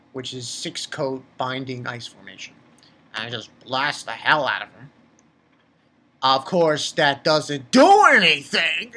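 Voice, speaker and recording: A manga reviewer rambles casually through his thoughts on a comic chapter. He talks excitably, his pitch leaping upward whenever he gets worked up.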